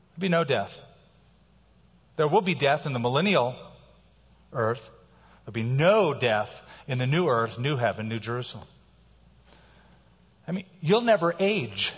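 A man's voice: medium pitch, breathy edge. A preacher man in a long-echoing hall. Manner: swings from soft to loud emphatic preaching. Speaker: pastor. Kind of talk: sermon. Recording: reverberant hall, dull sound.

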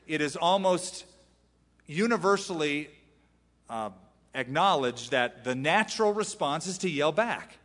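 Lively preaching man in a big echoing hall. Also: medium pitch. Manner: animated preaching, acting out scripture quotes. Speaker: pastor. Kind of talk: sermon.

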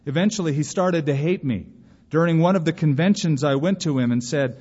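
A man's voice: medium pitch, moderate pace. Man preaching in a reverberant hall. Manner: animated preaching with acted-out quotes. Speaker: pastor. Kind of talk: sermon. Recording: muffled recording in a reverberant hall.

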